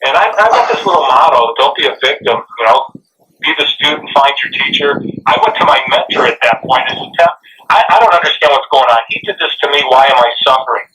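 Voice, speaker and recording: A man's voice: medium pitch, fast, distant mic, slight background noise, rough recording. A man, a guest author and speaker, telling stories in an interview and acting out the dialogue. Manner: animated, acts out quoted dialogue. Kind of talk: interview storytelling.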